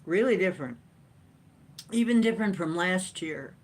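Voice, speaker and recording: A woman hosting a casual livestream chat from home, rambling and chatty with frequent laughs and playful jumps in pitch. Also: lively intonation, moderate pace. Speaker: livestream host. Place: at home, sitting in a chair with a cat.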